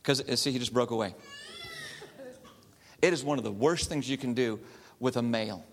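In a big-sounding room, a counselor with a mid-range voice tells stories to a live audience at a moderate pace. He's animated and acts out each person in his tales.

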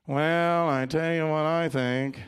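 A man voicing an analytical, doubting male disciple with a nasal monotone and slow, pedantic delivery. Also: fairly high pitch, clear, resonant tone. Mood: dismissive.

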